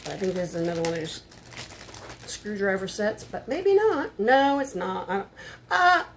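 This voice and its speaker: Older woman, casual unboxing chat, lively pitch, muttering asides, faint background noise. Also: normal speed. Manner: chatty, frustrated muttering asides. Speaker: haul vlogger. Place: home room.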